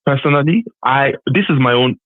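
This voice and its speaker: A man calls in over a thin, tinny phone line and argues his point with force, hammering the same ideas again and again. The line sounds dry and close, with no room around his voice. His pitch sits in an ordinary middle range. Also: brisk, no room sound. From Nigeria. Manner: forceful, repetitive, argumentative. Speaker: caller. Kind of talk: impassioned political call-in.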